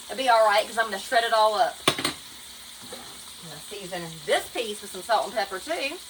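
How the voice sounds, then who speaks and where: A woman's voice: mid-range voice, expressive, normal speed, noisy background. A woman with a Southern US accent, chatting casually to viewers while she cooks in her home kitchen. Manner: chatty, folksy, talks to viewers as y'all. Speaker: home cook. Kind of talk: casual cooking vlog narration.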